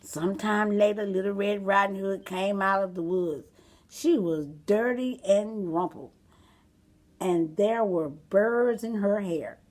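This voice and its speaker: A woman reading a storybook aloud for children, expressive and asking the listener questions. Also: mid-range voice, slow.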